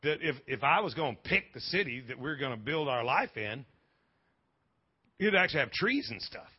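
A man preaching a lively sermon in a church, joking with the congregation and restarting his sentences often. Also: mid-range voice, normal speed, husky, highs cut off. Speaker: pastor. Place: church sanctuary.

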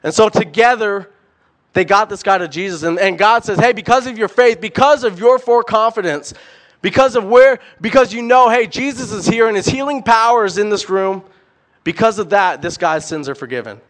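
Delivering a sermon at a moderate pace, a young man speaks in a voice that sits high. He's emphatic and animated, repeating words and peppering the listeners with rhetorical questions.

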